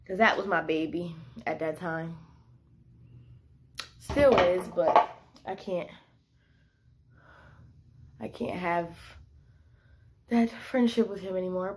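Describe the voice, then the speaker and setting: A woman's voice: on the low side, slow pace, long pauses. A young woman vlogging a casual storytime, talking animatedly with lots of filler words and quoting herself. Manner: animated, quotes herself in bursts; heavy use of "like" fillers.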